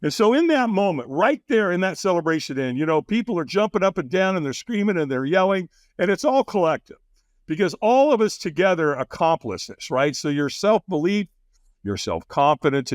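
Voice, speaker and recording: An animated man telling stories as a podcast guest, his voice sitting fairly high and swinging widely in pitch. He laughs often and acts out what others said. The sound is close and dry, with no room around it. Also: dry recording. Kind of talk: casual interview storytelling.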